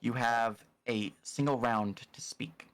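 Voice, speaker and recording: A man's voice: mid-range voice, steady tone, takes it slowly, soft background music. A man narrating a tabletop game as game master, casual and hesitant, with many fillers and restarts.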